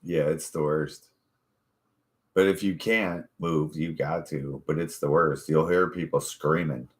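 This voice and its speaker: Slow, deep-voiced man in his forties. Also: fairly even intonation. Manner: profane, easygoing storytelling. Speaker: podcast host. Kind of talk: casual chat.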